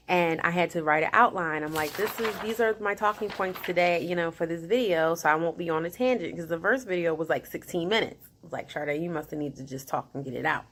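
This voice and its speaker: A woman vlogging casually about her day, chatty and animated, often laughing and quoting herself. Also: fairly low pitch. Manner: chatty, animated, talks to herself in quoted asides; laughs often while talking. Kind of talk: casual personal video diary.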